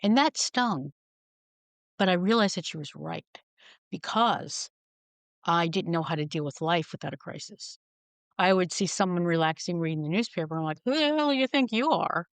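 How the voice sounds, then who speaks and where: With a fairly low voice at normal speed and no echo, a middle-aged woman guests on a podcast. In a candid storytelling conversation she's frank and wry, acting out the quoted voices of the people in her stories.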